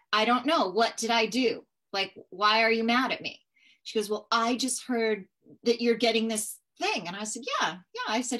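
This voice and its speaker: A woman guest recounts a story in an interview. She talks in a casual, animated way, with a slightly high voice. She acts out the lines of the people in her story. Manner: animated, persistent, acts out dialogue.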